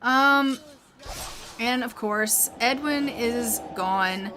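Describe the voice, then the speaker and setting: Speaking very slowly in a fairly high, bright, forceful voice, a woman comments casually on the game she's streaming. She chats with viewers, reads game text aloud, and sometimes voices the characters.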